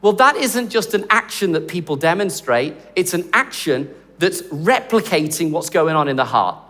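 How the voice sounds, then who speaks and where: A man preaching a sermon in an animated, conversational, jokey way. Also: a little high, moderate pace, big-room sound. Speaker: pastor.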